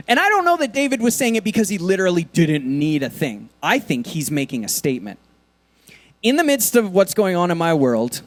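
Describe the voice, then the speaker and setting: A man preaching a sermon in a church, talking casually with lots of fillers, and swinging between soft, quiet lines and loud, emphatic ones. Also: on the high side, big pitch swings, a little fast. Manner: casual, conversational preaching with many fillers and laughs. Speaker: pastor.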